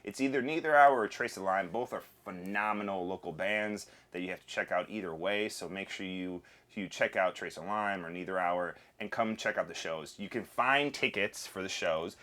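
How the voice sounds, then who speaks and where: A man hosting a casual comedy chat, telling animated stories and plugging shows and a sponsor. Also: deep voice, normal speed, hardly any pauses. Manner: animated storytelling with laughs. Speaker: comedy show host. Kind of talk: casual chat and show plugs.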